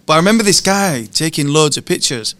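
A man chatting quickly and casually in a fairly high voice. He often breaks off and restarts his sentences as he talks. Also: lively intonation, fairly bright tone, slight background noise. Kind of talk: casual chat.

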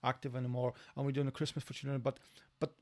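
A man from Poland, speaking English as an in a casual interview, halting, repeating words and using broken grammar. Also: mid-range voice, flat delivery. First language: Polish. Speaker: guest.

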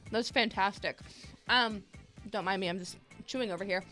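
A young woman from Indiana with a Midwestern accent, co-hosting a casual radio chat, talkative and quick to laugh. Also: mid-range voice, sharp tone, soft background music. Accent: Midwestern American. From Indiana, USA. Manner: chatty, laughs often. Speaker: radio co-host.

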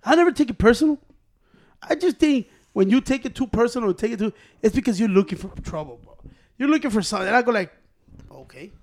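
Young male co-host with a very high voice, spinning profane, laugh-filled stories in loose chat. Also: fast talker. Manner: animated, profane, laughs often while telling stories. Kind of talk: casual storytelling among friends.

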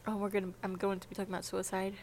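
A woman's voice: medium pitch, completely flat delivery, racing, darkish tone, slight background noise. A young adult woman talking in a casual, confessional vlog monologue, rambling and hesitant, with many "like" fillers. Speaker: vlogger.

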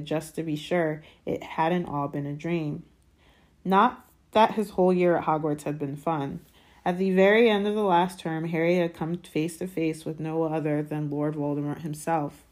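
Woman, low voice, calm steady audiobook reader. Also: moderate pace. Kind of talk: reading a novel chapter aloud.

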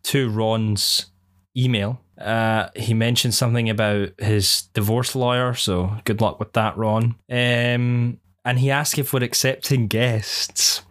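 A man's voice: mid-range voice, fairly even intonation, slow, fairly bright tone. A man co-hosting a casual podcast, talking in a rambling, hesitant way with many fillers. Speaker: podcast co-host. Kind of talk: casual chat.

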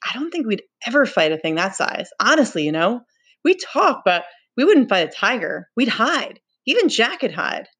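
A weary, frustrated boy leader snaps back in blunt, exasperated retorts in a read-aloud storybook, as a woman reader voices him. The pitch sits well above her own. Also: very animated, normal speed, a bit bright, breathy edge, heavily acted. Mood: despairing.

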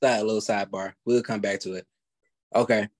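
A man co-hosting a casual wrestling podcast who rambles in an animated way. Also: on the low side, fairly quick. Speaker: podcast co-host.

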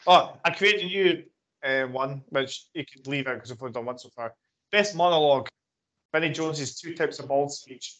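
A man's voice: fairly high pitch, normal speed, a bit bright. A man co-hosting a film podcast, reading out his award picks in short, matter-of-fact bursts with filler ums. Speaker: podcast co-host. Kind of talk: casual film-review chat.

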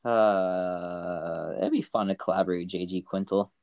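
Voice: low-pitched, steady tone, unhurried, a little mellow, no echo, clean studio sound. A podcast co-host chatting casually, playful and joking, with frequent giggles. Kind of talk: casual chat.

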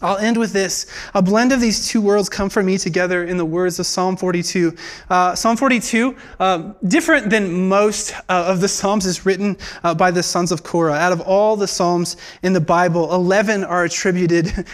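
A young man giving a sermon in a church, earnest and halting, with many filler words and restarts. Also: high-pitched, steady tone. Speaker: preacher.

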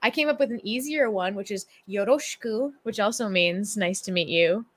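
A woman's voice: mid-range voice, normal speed. A woman co-hosting a podcast, playful and teasing in casual chat. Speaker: podcast co-host.

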